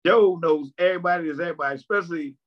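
A man's voice: a little high, rapid-fire. A male stand-up comedian in casual chat, reminiscing in a laid-back way. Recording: dull lo-fi sound.

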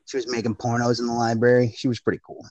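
A man co-hosting a casual chat, joking and swearing in an animated way. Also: mid-range voice, fast talker, dry recording, muffled recording.

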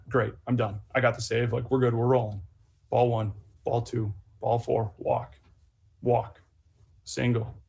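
A man, a sports psychologist and former relief pitcher, telling a story in casual podcast talk, earnest and full of repeated words and fillers. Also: creaky, breathy edge.

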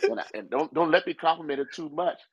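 A middle-aged man, a pastor, talking casually and jokingly on a podcast, animated and repeating himself as he goes. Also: fairly high pitch, quick pace, vocal fry, breathy edge, highs cut off.

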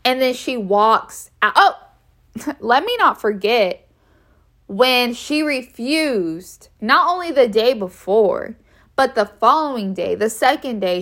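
Slow, emphatic woman telling a story. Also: on the high side, animated, fairly bright tone. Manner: emphatic, repeats key phrases for effect; frank and conversational, with fillers. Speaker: vlogger telling a personal story. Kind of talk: casual storytime.

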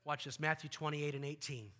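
A male pastor preaching a sermon on a church stage, animated, acting out scenes with volunteers and often repeating words. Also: on the high side, fairly quick.

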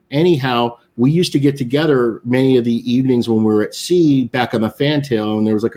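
A man, guest on a live online interview, telling a long anecdote in a relaxed way and acting out what other people said. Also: mid-range voice. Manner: storytelling, acting out others' quotes. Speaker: guest, cigar maker. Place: remote, live online show.

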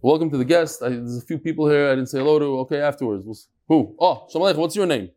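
A man's voice: a little high, very fast, mellow. Chatty man teaching Talmud. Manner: chatty, jokes and asides to the room; mixes Hebrew and Yiddish terms into English. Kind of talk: live daily Talmud class.

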